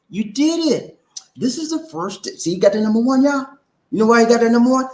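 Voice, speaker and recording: A man's voice: very high-pitched, animated, a little fast, a little mellow, reverberant, low-quality recording. A man hosting a casual live show, playful, chanting call-and-response lines and slipping into rhymes. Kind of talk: casual live-stream chat.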